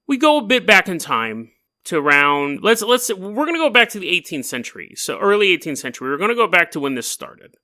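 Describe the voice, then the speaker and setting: A man's voice: sits high, very animated, brisk, sharp tone. A man hosting a paranormal storytelling podcast, telling the tale in a rambling, joking way. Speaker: podcast host.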